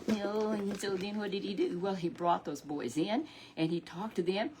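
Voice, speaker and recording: A woman's voice: medium pitch, normal speed, warm tone, a little hiss or hum. A woman telling a children's Bible story in a chatty, repetitive, folksy way, with asides to a puppet.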